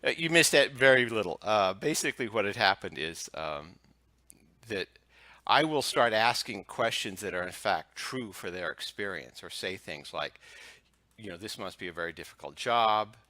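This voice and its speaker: Deep male hypnotist guest, forceful tone, dry close sound, loose anecdotal delivery. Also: moderate pace, no echo. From United States. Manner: relaxed anecdotal telling, chuckles often. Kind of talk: casual interview storytelling.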